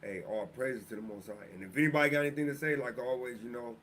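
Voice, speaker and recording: Man, casual host, slangy and relaxed, faint background noise. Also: mid-range voice, fast. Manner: relaxed, loose street slang. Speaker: stream host. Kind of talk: casual chat.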